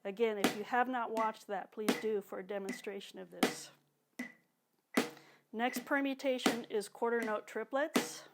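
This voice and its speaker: A woman teaching drum exercises, calmly cueing each one while she plays. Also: a little high, unhurried, heavy background noise. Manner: calm, counts and cues exercises while playing. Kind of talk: instructional demonstration. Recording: talk over loud drumming and metronome.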